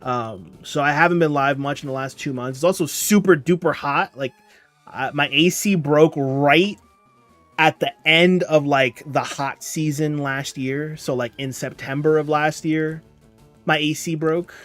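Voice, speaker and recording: A tired young man chats casually on a livestream, reading the chat and rambling along in a fairly bright, high-leaning voice at a measured pace. Music plays faintly in the background.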